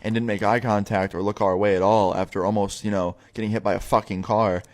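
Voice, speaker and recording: Lowish-voiced young man telling a story. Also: level tone, fairly quick. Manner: swearing, rambling, filler-heavy. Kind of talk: casual spoken story.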